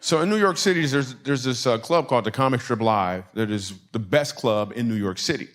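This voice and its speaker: This stand-up comic from Michigan tells a story and plays its characters through acted-out quotes, drawing laughs from the audience. He sounds animated and a bit bright, with a medium pitch and a brisk pace.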